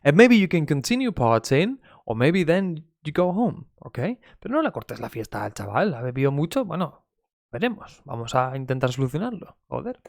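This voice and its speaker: A man's voice: on the high side, sing-song, fairly quick, creaky, no echo, clean studio sound. Chatty Spanish-accented man teaching English. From Spain. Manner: chatty, gossipy, swears, mixes Spanish into English. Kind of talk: casual live-stream English lesson.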